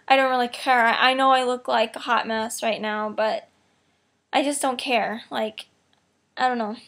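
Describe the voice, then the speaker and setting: A woman's voice: a little high, a bit bright. A woman telling a personal video diary in a rambling, heartfelt way, tearful and emotional, with many fillers like "you know" and "like". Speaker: vlogger.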